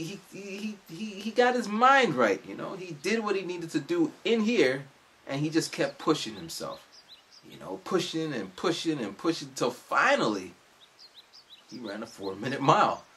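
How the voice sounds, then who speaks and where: A man in his forties talks casually to camera in a vlog. His pitch is very lively and rises and falls freely. He rambles from one story to the next and acts out the people he quotes. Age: 40s. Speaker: vlogger.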